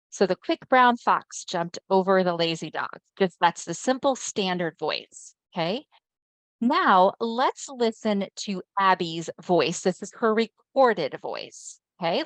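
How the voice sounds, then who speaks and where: A woman presents an online webinar, talking her audience through the material in a relaxed, chatty way and often checking that they are following. Her voice sits slightly low, and her video-call mic picks it up dry and close. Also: measured pace, no echo. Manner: conversational, often checks in with listeners.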